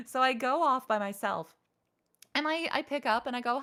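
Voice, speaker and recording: A woman voice actor telling stories in a casual interview, full of "like" fillers and acting out the quotes she tells. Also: a little fast. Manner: animated, acts out quotes with big pitch jumps; frequent "like" and "you know" fillers. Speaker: voice actor guest.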